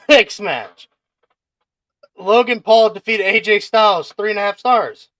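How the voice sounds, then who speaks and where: With a high-pitched, fairly bright voice, lively intonation, and a slow pace, a man hosts a casual wrestling podcast on a dry recording. He laughs, teases his co-hosts, and runs the segments through the matches.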